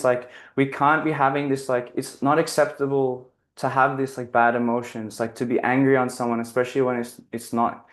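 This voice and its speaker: A man giving a casual, reflective spiritual talk, telling a personal story in an earnest, rambling way, often restarting his sentences and leaning on "like". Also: mid-range voice. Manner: earnest, rambling, self-correcting, heavy use of "like". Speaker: guest speaker on spiritual living.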